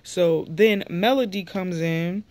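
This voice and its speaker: A woman's voice: fairly low pitch, takes it slowly, darkish tone, dry recording. Young woman, vlogger, casual episode recap, chatty, opinionated, heated rants. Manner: opinionated, chatty, heated when ranting at cast members. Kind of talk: casual reality TV episode review.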